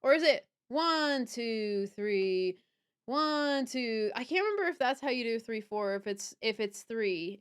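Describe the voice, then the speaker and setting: Chatty young woman streamer, smooth voice. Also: a little high, lively intonation, unhurried. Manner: chatty, rambling, swears and laughs often. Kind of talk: casual livestream chat.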